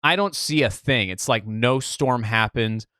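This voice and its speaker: A young man from the Midwest telling a story on a podcast in a casual, animated way, swearing freely and acting out what people said. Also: medium pitch, a little slow, no room sound, clean studio sound. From Midwest United States. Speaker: podcast co-host.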